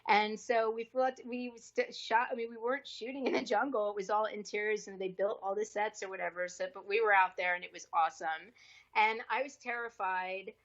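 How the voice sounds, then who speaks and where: A woman of middle pitch tells a story in a podcast interview, animated and chatty, jumping into little voices whenever she quotes someone. The audio is slightly dull and muffled, like a modest home podcast setup. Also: brisk. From US East Coast. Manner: lively, acts out quoted dialogue with shifting voices. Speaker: actress, podcast guest.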